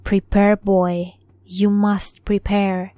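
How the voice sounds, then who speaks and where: A woman's voice: mid-range voice, little pitch movement, takes it slowly, warm tone, no room sound, close to an everyday voice. A woman voicing the drowned ghost of a stern old naval officer, commanding and old-fashioned in speech.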